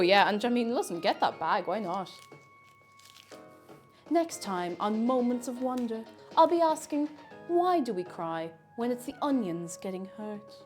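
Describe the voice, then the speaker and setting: Chatty woman streamer cooking live, playful, a lively higher voice, faint music behind. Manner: playful and chatty, breaks into silly noises and sings along. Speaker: livestreamer and VTuber. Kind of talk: casual chat while cooking on a livestream.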